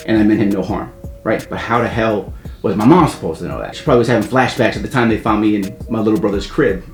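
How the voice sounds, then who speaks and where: A man casually telling a story from his own life, rambling with wry asides and loudly acting out the voices of the people in it. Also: fairly low pitch, fast talker. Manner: rambling, wry asides, loud acted quotes. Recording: echoey room, faint music.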